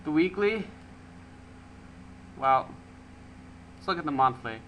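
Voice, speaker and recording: A man hosting a weekend market review, talking through charts in a brisk, casual way with frequent ums and restarts. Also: a little high, lively intonation, a bit bright, a little hiss or hum, rough recording. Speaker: market analyst host.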